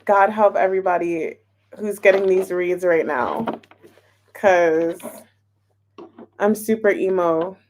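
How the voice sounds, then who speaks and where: A woman's voice: on the low side, slow pace, long pauses, darkish tone, a little hiss or hum. A woman giving a casual, playful tarot reading, chatting openly and emotionally as she shuffles and pulls cards. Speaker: tarot reader.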